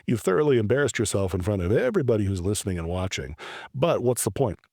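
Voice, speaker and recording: A man in his forties hosting a podcast, telling a story about himself in an animated, self-deprecating way, with stammered restarts. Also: lowish voice, fast, vocal fry, dry recording, studio quality. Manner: animated, self-deprecating storyteller who acts out his own past lines. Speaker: podcast host. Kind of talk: personal storytelling monologue.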